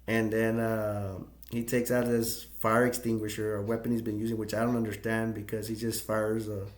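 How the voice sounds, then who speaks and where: A man casually retelling a film as a reviewer, rambling with many fillers and restarts and chuckling often, in an echoey room. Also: medium pitch. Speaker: movie reviewer.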